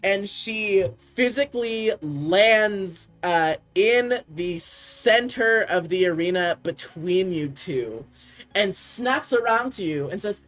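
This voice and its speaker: A woman narrating as game master, relaxed and chatty, with frequent fillers and laughs. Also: mid-range voice, unhurried, soft background music.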